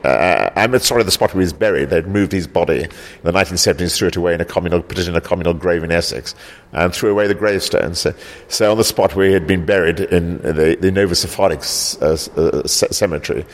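This man, originally from South Africa, started a local heritage group. He has a low voice and answers interview questions haltingly, repeating words and frequently closing with "actually".

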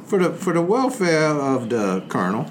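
A man playing a portly, pompous gentleman colonel, drawling and boastful on a comedy podcast. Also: on the high side, very animated, normal speed. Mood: blustering. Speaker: podcast co-host. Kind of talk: comedic podcast character banter. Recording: light background noise.

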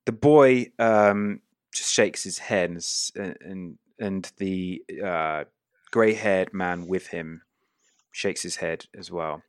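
A man narrating a tabletop game as game master in a relaxed, halting way. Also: low voice, smooth, no echo, clean studio sound.

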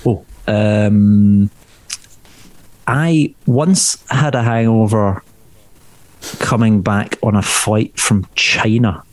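A man's voice: on the low side, extremely slow, pauses often, no echo. A man with a mild west of Scotland accent, chatting as a comedian guest on a podcast and rambling through his stories with many restarts. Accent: mild west of Scotland Scottish. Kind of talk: casual podcast chat.

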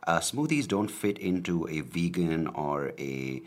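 A man's voice: deep voice, expressive, measured pace. A man in his thirties hosting his own podcast, rambling casually with lots of fillers and offhand swearing. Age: 30s. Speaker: podcast host. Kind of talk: casual solo podcast talk. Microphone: camera and podcast mic.

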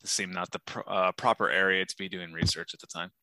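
A man's voice: sits low, steady tone, fast talker, sharp tone, no room sound. A man playing a tabletop game, asking thoughtful questions about the scene. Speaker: player. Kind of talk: casual tabletop role-play.

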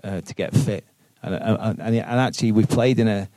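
A football manager answers questions earnestly at a live podcast held in a boardroom before an audience, often repeating words as he thinks aloud. His voice is fairly low, dark, and brisk, with no echo.

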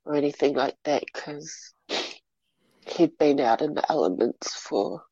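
A middle-aged woman telling a personal story in an interview, halting and repeating words as she goes. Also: deep voice, warm tone, slightly rough, dry recording, lo-fi sound. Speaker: interview guest.

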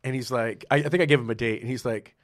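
A man talks through his past in a loose, conversational interview, breaking into laughter and playing out the voices of people he met. His voice sits at an ordinary middle pitch, and the sound is close and dry with no room around it. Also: fast, no room sound. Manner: animated, laughs often, acts out quoted dialogue. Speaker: guest, sommelier and restaurateur. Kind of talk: casual storytelling interview.

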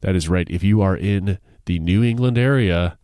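A man's voice: low-pitched, normal speed, dark tone, no room sound. A man co-hosting a casual podcast, joking dryly and reading an ad with mock grandeur. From United States. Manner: dry joking, reads ad copy with mock grandeur. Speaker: podcast co-host. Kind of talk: casual chat.

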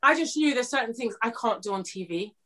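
A woman guest on a talk podcast, speaking candidly about her time as an actress. Her voice sits a little high, and she keeps a loose, chatty flow. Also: lively intonation, fairly quick, bright, forceful tone. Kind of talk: casual podcast chat.

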